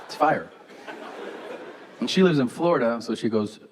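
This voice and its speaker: A male comedian tells stories on stage in a sarcastic, profane, offhand way. His voice sits at a middling pitch, picked up by a handheld mic. The live room behind him is noisy. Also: moderate pace, pauses often. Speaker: stand-up comedian. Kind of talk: stand-up storytelling.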